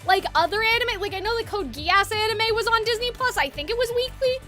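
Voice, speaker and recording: Rambly streamer lady, super high bright voice, kinda dry throat. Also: animated, fairly quick, faint music behind. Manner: chatty, rambling. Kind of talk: casual chat on a game stream.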